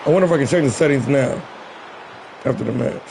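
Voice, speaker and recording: A man calling a wrestling video game live on stream, shouting the big moves and breaking off into profane asides to his viewers. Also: mid-range voice, fast, creaky, background noise. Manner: excitable play-by-play with shouted calls and profane asides. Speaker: stream host and play-by-play commentator.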